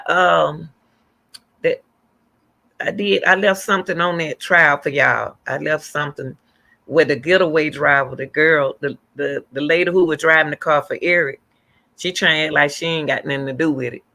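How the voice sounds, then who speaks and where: A woman's voice: deep voice, vocal fry, bright, forceful tone. A middle-aged woman hosting a livestream, chatting casually and rambling as she answers viewer comments aloud. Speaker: livestream host.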